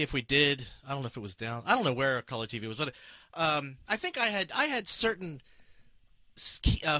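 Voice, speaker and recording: Animated, profane man telling stories. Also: a little high, dry recording. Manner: animated, profane, laughing, many restarts. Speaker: host telling a story and reading comments. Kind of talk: casual storytelling chat.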